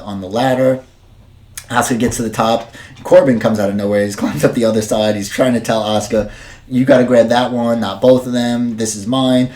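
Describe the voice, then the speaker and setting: A man's voice: fairly low pitch, darkish tone. A man casually recapping and reviewing a show as a podcast host, rambling with many fillers and restarts. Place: dim room at home.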